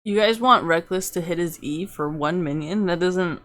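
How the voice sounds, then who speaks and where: Bright-voiced young woman, rambling stream commentary. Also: on the low side, normal speed. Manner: rambling, profane, laughing often. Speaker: game streamer. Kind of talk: casual live game commentary.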